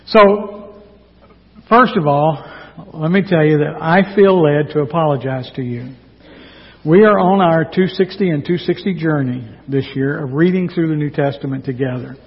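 A fairly high-voiced man preaching in a church sanctuary, folksy and earnest, slowing down to lean on key points. His voice is a little husky. The recording is dull and lo-fi, with a long reverb from the hall around him. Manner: folksy, earnest, slow emphatic delivery. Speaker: pastor. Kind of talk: team-preached sermon.

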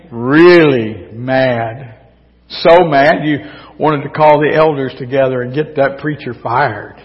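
A pastor delivers a slow, unhurried sermon, bantering with his congregation in a folksy way. His voice is slightly hoarse, as if he is losing it. The sound is dull and lo-fi, with a long church reverb. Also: on the high side. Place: church sanctuary.

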